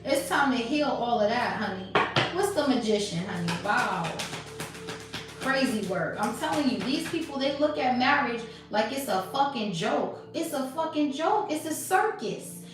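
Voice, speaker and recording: A woman's voice: a little high, lively intonation, moderate pace, very echoey, recorded from a distance, music in the background. A woman giving blunt, profane spiritual commentary as a tarot reader, acting out quoted conversations. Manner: blunt, profane, preachy, acts out quoted exchanges.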